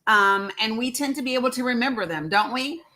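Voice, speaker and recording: Her voice is high-leaning and sharp, with lively intonation and a slightly quick pace, over slight background noise. Hosting a live audio stream, she chats with listeners, calls them by name, and fills her speech with fillers.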